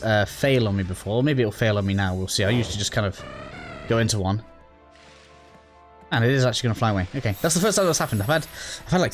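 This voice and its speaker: Hesitant man narrating gameplay over faint music. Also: mid-range voice. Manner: rambling, hesitant, many fillers and restarts. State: a little out of breath. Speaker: gaming YouTuber. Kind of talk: casual gameplay walkthrough commentary.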